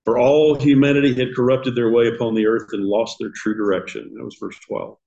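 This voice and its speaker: A man's voice: medium pitch, level tone, a little fast, gravelly, warm tone, lo-fi sound. Older man teaching a Bible class. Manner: conversational, asks the class questions, chuckles at his own asides. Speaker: Sunday school teacher. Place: church classroom.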